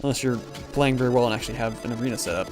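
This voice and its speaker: A man's voice: medium pitch, very fast, over music. A man casually commentating a game livestream, joking and sarcastic, rambling with lots of fillers, sleepy and yawning. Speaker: gaming livestreamer.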